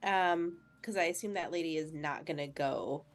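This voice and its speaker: A woman's voice: low voice, normal speed, faint music behind. A woman playing a tabletop role-playing game, chatty and hesitant, with an eager tone. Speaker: player. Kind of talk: casual tabletop play.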